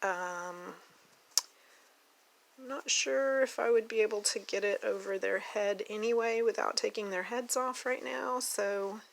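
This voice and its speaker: Slow, gravelly-voiced woman with an Oklahoma accent. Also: mid-range voice, low-quality recording. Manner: chatty, gushing, talks to her dog. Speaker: doll collector vlogger. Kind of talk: casual unboxing vlog. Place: home, at a table.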